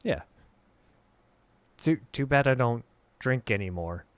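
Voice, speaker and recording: A man's voice: mid-range voice, lively intonation, slow, clear, resonant tone, no echo. A man with a US Mid-Atlantic accent co-hosting a casual podcast, making dry sardonic quips. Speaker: podcast co-host. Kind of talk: casual chat among friends.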